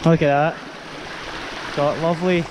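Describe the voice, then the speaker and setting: Walking uphill outdoors, this young hiking vlogger talks casually to his camera in a Scottish accent, at a measured pace with a level tone and a voice on the high side. Background noise is audible; his heritage is Spanish, but English came first.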